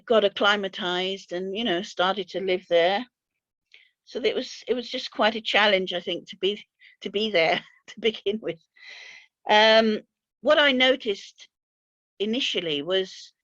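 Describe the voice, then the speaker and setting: An older woman telling of her years abroad in an unhurried, reflective way, pausing often with fillers and repeating words as she gathers her thoughts. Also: mid-range voice, fairly bright tone, no room sound, lo-fi sound. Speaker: interview guest recalling mission years.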